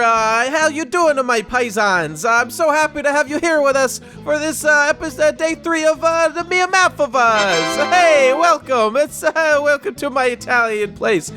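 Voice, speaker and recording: A man's voice: very high voice, sharp tone, pitched above the performer's own voice, full character voice. A man putting on a hammy, sing-song voice as a jolly mock-Italian restaurant host man. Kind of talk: comedic character bit.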